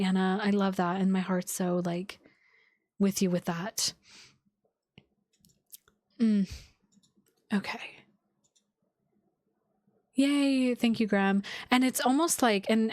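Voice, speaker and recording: A woman's voice: medium pitch, a little mellow, dry recording, studio quality. A woman astrologer hosting a casual live stream, talking to her viewers in an effusive, heartfelt way, full of likes and restarts. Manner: talks with many likes and restarts.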